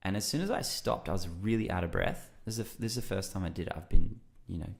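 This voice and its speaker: Low-pitched and gravelly, this man talks fast. He's a podcast guest telling loose, filler-heavy conversational stories, a lively narrator who performs his own reactions.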